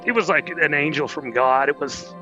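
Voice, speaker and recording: A middle-aged man, an interview guest, telling a personal story in an earnest, plainspoken way and pausing when moved. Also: a little high, dull audio, over music.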